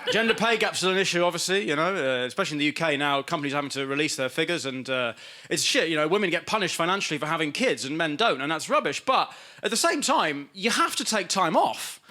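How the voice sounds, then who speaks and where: A man's voice: high voice, sharp tone. A man in his twenties from England doing a sardonic stand-up comedy set, slipping into mock voices for punchlines. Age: 20s. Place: comedy stage before a live studio audience.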